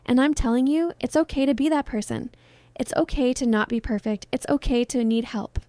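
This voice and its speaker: A woman voicing a soft, pleading heartbroken star. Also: high voice, brisk, no room sound, lightly acted. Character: heartbroken film star woman in her thirties, tender and pleading. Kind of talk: dramatized story reading.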